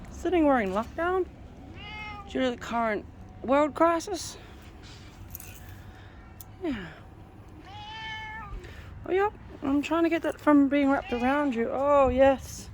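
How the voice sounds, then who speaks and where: Speaking in a high-pitched voice, slowly and with frequent pauses, a woman coaxes her leashed cat down a street. She's a vlogger, and her talk is casual, affectionate and full of laughter over faint traffic sounds.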